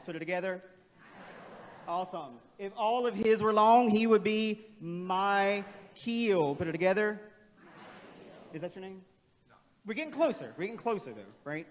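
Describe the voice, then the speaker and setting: High-voiced man in echoing hall. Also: a little fast, pauses often. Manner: playful, energetic, calls on the crowd. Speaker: staff training presenter. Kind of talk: interactive workshop presentation. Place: large auditorium. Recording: long hall reverb.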